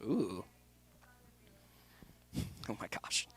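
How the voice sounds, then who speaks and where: A man in his thirties giving an energetic acting workshop talk, jumping into quick voices and asides as he goes. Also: no room sound. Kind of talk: conference talk.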